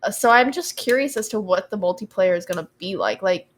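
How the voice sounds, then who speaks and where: A woman's voice: mid-range voice, lively intonation, fairly quick, a little hiss or hum. A young adult woman co-hosting a gaming podcast in casual chat, rambling with lots of ums and likes. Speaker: podcast co-host.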